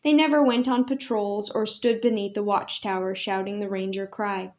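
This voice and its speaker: A woman reads a storybook aloud at a medium pitch, gentle and expressive. Her narration is steady and clear, with pauses suited to a bedtime tale.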